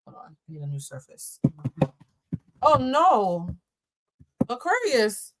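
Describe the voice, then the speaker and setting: A woman's voice: a little high, wildly swooping pitch, takes it slowly. A woman hosting a live-stream tarot reading on a laptop setup, talking casually with viewers, laughing and joking and swearing freely. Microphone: laptop or camera setup.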